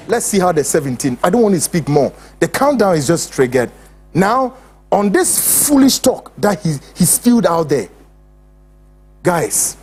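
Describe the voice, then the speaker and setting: A man's voice: sits high, a little mellow, slightly rough. A man with a Ghanaian accent hosting a show, ranting in heated, insulting commentary. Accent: Ghanaian English. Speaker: host.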